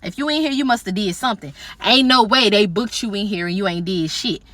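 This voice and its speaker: A woman's voice: medium pitch, a little fast, fairly bright tone, dry recording, lightly acted. A woman voicing a big, nosy young female cellmate who talks bluntly. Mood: brash.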